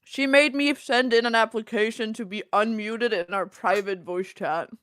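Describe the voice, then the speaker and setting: A woman's voice: fairly high pitch, fairly even intonation, moderate pace, fairly bright tone, dry recording, clean studio sound. A young Danish-speaking woman joining a casual stream, chatty and wry, often giggling. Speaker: co-streamer guest. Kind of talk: casual livestream chat.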